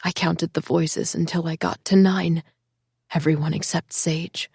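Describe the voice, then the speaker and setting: A woman reading a first-person thriller audiobook in an emotional, hushed storytelling voice. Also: low voice, steady tone, a little slow, gravelly, husky, no room sound, studio quality. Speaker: audiobook narrator.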